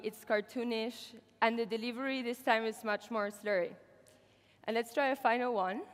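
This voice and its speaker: A woman's voice: on the high side, long reverb tail. A woman presenting at a conference in an upbeat way, with the odd filler. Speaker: conference speaker. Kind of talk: keynote presentation. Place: conference hall.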